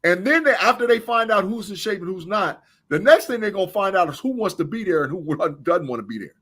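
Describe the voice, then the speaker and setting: On a sports podcast, a co-host who once played college football talks emphatically and keeps repeating his points in casual sports chat. His high voice is animated and quick, a bit bright, with a breathy edge.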